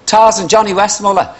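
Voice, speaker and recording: A male talk show host interviewing a guest, gushing with praise and often laughing. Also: high voice.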